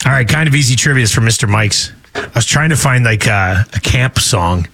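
A man's voice: medium pitch, expressive, fairly quick, gravelly, a bit bright. A man hosting a radio sports talk show, joking casually and reading ads in an upbeat way. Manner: jokey, laughs easily, upbeat. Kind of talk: casual radio banter and ad reads.

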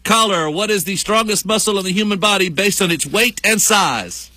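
A man's voice: high voice, normal speed, sharp tone, dry recording. A man hosting a morning radio show, chatty and playful, joking with his co-host in the studio. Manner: chatty, playful, repeats himself for laughs. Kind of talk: jokey morning radio banter. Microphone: studio microphone.

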